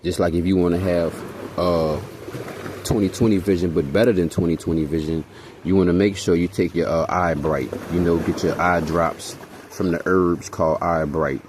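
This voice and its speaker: Over some background noise, a young man from Hawaii speaks at a normal speed in a low, steady voice. His casual vlog is a storytelling monologue that rambles, leans on slang and profanity, and keeps checking in with "you know what I'm saying."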